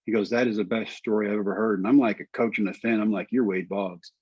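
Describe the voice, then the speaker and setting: A middle-aged man telling his story as an interview guest, lively and quoting others in voices. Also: fairly low pitch, quick pace, breathy edge, no echo, muffled recording. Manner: animated storyteller, quotes people in voices. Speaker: guest, former pitcher.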